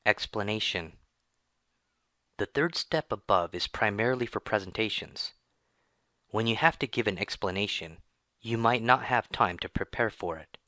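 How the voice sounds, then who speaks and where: Bright-voiced man reading an English lesson. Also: fairly low pitch, normal speed, no echo. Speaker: English teacher. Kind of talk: scripted lesson narration.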